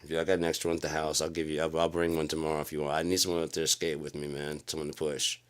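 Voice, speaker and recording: A middle-aged man with a very low, deep voice tells a story in a loose late-night monologue. His talk is profane and rambling, and he slips into the voices of the people in the story. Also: little pitch movement, rapid-fire. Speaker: channel host telling a story.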